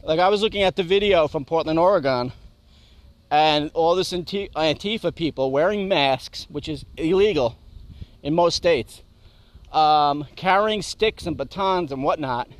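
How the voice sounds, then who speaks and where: A man co-hosts a political talk radio show in a measured, agreeable way, often chiming in with short agreements. His voice sits a touch higher than most men's.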